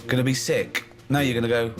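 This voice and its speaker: A man's voice: mid-range voice, fairly even intonation, fast. A man hosting a radio show, teasing and mocking his guest with crude jokes. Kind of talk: mocking banter.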